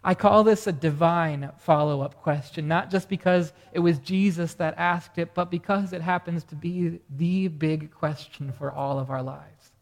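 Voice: mid-range voice, steady tone, unhurried, few pauses. A pastor delivering a morning sermon earnestly, asking the congregation rhetorical questions. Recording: reverberant hall sound.

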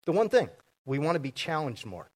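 A man preaching a sermon to his congregation, joking and quizzing the audience as he goes. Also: fairly high pitch. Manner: joking, audience-engaging, fast and lively. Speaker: pastor. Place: church sanctuary before a congregation.

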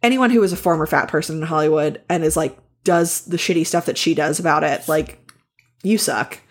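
A woman's voice: sits low, brisk. A woman co-hosting a book podcast in casual chat, chatty and frank, with lots of fillers. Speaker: podcast co-host.

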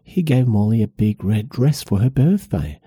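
A man's voice: lively intonation, warm tone, slightly rough, dry recording, studio quality. A man reading aloud, voicing a stubborn, indignant middle-aged village woman in a raised voice. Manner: raised pitch, drawn-out protesting delivery. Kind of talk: read-aloud novel passage.

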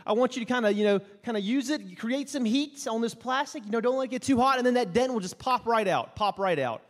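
A man's voice: very high-pitched, lively intonation, fast. A man quoting an easygoing male vacuum salesman who gives casual, reassuring advice.

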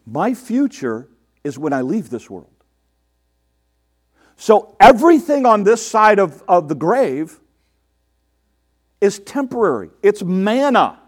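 A man's voice: high voice, big pitch swings, takes it slowly, pauses often. A man preaching a sermon to his congregation in a conversational way, asking rhetorical questions and mimicking the people he quotes. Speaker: pastor.

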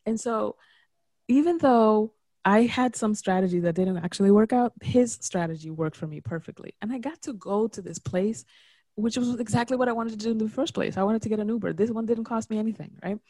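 A woman guest on a podcast, chatting casually and telling a story with lively repeats and frequent laughter. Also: on the high side, a little fast, dry recording. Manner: animated storyteller, repeats words, laughs often.

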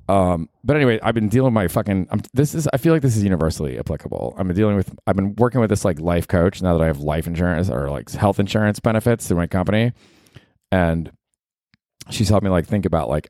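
Podcast host, man, 40s, deep voice, rambling and candid, dry close mic. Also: a little mellow, no echo. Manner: candid, rambling, swears freely and talks to himself. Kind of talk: solo podcast monologue.

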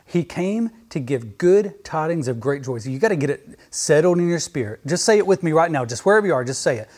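A man's voice: fairly high pitch, animated, brisk, hardly any pauses, darkish tone. A man preaching a fervent sermon on his podcast, speaking straight to the listener. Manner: fervent, emphatic, addresses listener as "my friend".

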